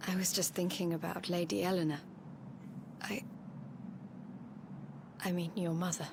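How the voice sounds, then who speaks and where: An actress playing a gentle young noblewoman who speaks softly and earnestly. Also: on the low side, level tone, measured pace, noisy background. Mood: wistful. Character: young noblewoman, the hero's gentle foster sister. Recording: game audio over clear music.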